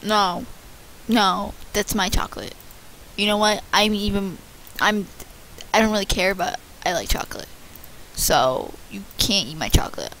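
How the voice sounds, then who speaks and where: A female channel host chatting excitedly and thanking viewers by name during a casual gift-opening vlog. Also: medium pitch, measured pace, a little hiss or hum, poor audio.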